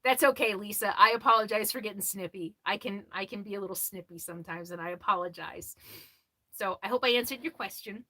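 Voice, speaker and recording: A woman hosting a casual livestream about RV life, chatting and answering viewer comments, laughing often and quick to apologize. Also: mid-range voice, sharp tone. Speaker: RV lifestyle livestream host.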